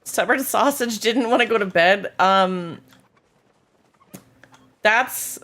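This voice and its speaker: A woman's voice: medium pitch, a little slow, pauses often, fairly bright tone. A woman game streamer in casual live-stream chat, bubbly and playful as she talks to her viewers.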